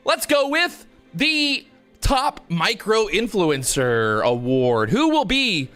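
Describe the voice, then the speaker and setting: A man hosting a mock award show on his live stream, joking, excitable and swearing freely. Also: high-pitched, takes it slowly, soft background music. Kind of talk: jokey live-stream chat, playing award announcer.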